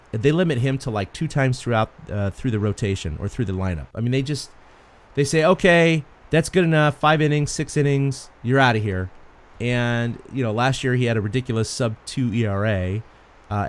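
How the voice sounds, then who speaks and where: A man co-hosting a sports podcast, an animated storyteller who laughs often in casual chat. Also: lowish voice, a little fast. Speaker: podcast co-host.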